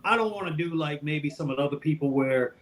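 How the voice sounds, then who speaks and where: A man on a live panel call, telling stories in an upbeat, animated way. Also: a little high, fast talker, slight background noise. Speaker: panel guest. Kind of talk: casual panel chat.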